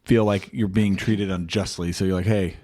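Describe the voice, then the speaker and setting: A man's voice: low-pitched, steady tone, normal speed, darkish tone. A man co-hosting a podcast with his wife, telling stories with teasing, self-deprecating humor in casual chat. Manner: joking, self-deprecating storyteller. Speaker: podcast co-host.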